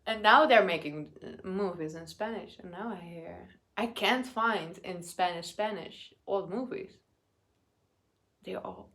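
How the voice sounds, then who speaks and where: Young woman rambling slowly between bites, lots of restarts, goes quiet and whispery at times. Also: mid-range voice. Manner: halting, many restarts, murmuring and whispering while eating. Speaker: vlogger. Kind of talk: casual eating vlog chat.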